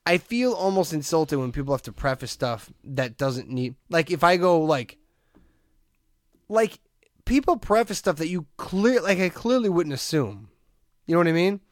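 Rambling, animated male podcast host. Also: a little high, moderate pace, dry recording, clean studio sound. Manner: rambling, animated storytelling with laughs. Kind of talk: casual chat.

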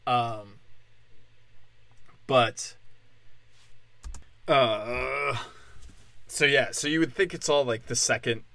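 A man's voice: mid-range voice, very slow, creaky, long pauses, a bit bright, dry recording. Guy rambling thru a jokey podcast rant, keeps laughing, says like a ton, totally dry no room. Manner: rambling, laughs often, heavy use of "like". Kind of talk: irreverent comedic monologue.

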